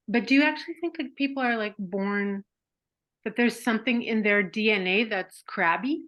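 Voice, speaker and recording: A woman's voice: medium pitch, fairly bright tone. Rambling woman podcast host. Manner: rambling, lots of "like" and restarts. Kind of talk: casual chat.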